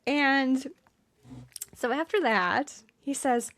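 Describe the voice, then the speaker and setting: A woman's voice: fairly high pitch, expressive, normal speed, no room sound. Giggly woman recapping a movie. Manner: retells scenes quoting lines, laughs often. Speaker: podcast co-host. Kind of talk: casual movie recap chat.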